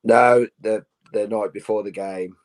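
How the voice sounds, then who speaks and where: A lower-pitched man speaks with a hoarse, worn-out voice. He talks bluntly and boastfully, and he keeps checking for agreement with short tag questions. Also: fairly even intonation, measured pace. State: hoarse, lost his voice. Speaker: pundit on a fan phone-in.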